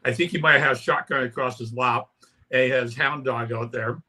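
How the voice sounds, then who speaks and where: Bright-voiced older man telling road stories. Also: medium pitch, steady tone, fairly quick. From Canada. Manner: rambling anecdotes with many "right?" tags and acted-out quotes. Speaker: interview guest, punk musician. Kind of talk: casual storytelling interview.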